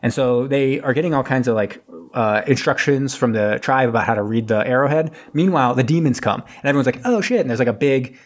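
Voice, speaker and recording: A man on a podcast, casually recapping a movie plot in a rambling way and acting out characters in quick, funny voices. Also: medium pitch.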